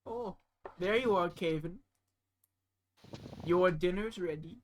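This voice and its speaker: A man's voice: sits high, a little hiss or hum. A man putting on a flustered old father. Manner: halting, stammering.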